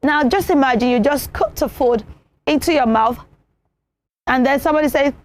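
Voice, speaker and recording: Woman hosting a children's show, high-pitched and lively, acts out every example. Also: normal speed, long pauses. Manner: animated, repeats points, acts out examples. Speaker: children's TV presenter. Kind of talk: teaching children on television.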